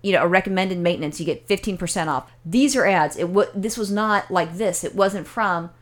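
Fast-talking woman telling an angry story. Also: lowish voice. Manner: heated, profane storytelling. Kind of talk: casual chat.

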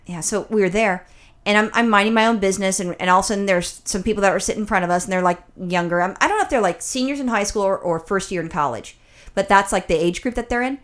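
Fast-talking chatty woman. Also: mid-range voice. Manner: chatty, profane storytelling with mimicry. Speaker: podcast host. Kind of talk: casual chat.

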